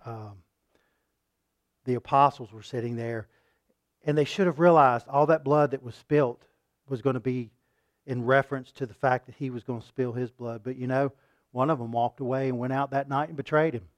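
A man preaching a sermon, rising to loud emphatic peaks and dropping to quiet asides, asking his listeners questions and repeating words for emphasis. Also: mid-range voice, fairly even intonation, moderate pace, no room sound.

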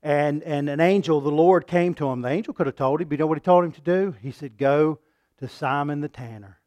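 A man preaching a sermon in a fairly high voice, recorded close and dry with no room sound. He swings from loud, pressing peaks down to quiet asides, and he keeps asking the congregation questions and repeating words to drive them home. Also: fairly quick, no echo.

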